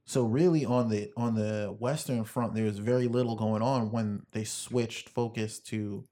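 A man's voice: lowish voice, steady tone, unhurried, dark tone. A young man in a casual chat, explaining things loosely and swearing now and then. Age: young adult.

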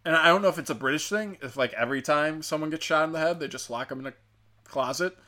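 A man's voice: on the high side, quick pace, sharp tone. A man hosting a podcast, telling a show's story in a rambling, profane, joking way. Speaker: podcast host. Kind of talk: casual rambling show recap.

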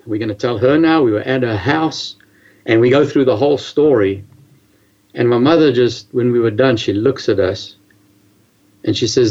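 A man telling a personal story in a casual, animated way, halting often and restarting his sentences. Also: medium pitch, highs cut off.

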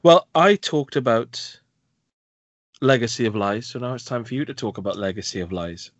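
Brief podcast co-host, animated storyteller acting out scenes, dry close recording. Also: male voice, medium pitch, normal speed, dry recording, lo-fi sound. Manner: animated, laughs and acts out scenes. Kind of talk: casual film review chat.

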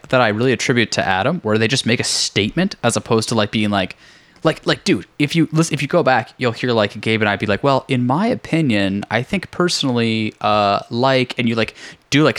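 A man's voice: medium pitch, fairly bright tone. A young man hosting a casual game podcast, rambling with many fillers and frequent laughs. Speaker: podcast host. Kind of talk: casual chat.

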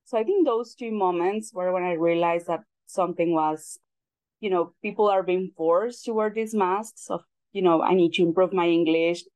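A woman with a Mexican Spanish accent speaks English as a second language in a lowish voice. Her recording sounds dry and close. She tells her story in an earnest, measured way. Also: darkish tone, no echo. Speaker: panel guest. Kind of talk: casual panel conversation.

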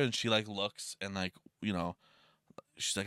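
A man's voice: on the low side, normal speed, bright, forceful tone, clear, resonant tone, no echo, clean studio sound. A man co-hosting a podcast in casual, rambling chat, full of fillers and swearing.

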